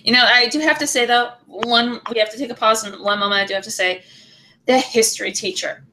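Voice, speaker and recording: A woman's voice: a little high, fairly quick, a little hiss or hum, low-quality recording. A woman podcast host chatting enthusiastically with her guest in a casual interview. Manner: enthusiastic, chatty, animated reactions.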